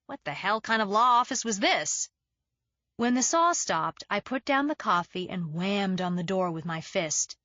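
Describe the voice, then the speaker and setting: A woman's voice: mid-range voice, sing-song, measured pace, bright, forceful tone, dry recording. A woman narrating a thriller audiobook in the first person, in a wry, sardonic storytelling manner.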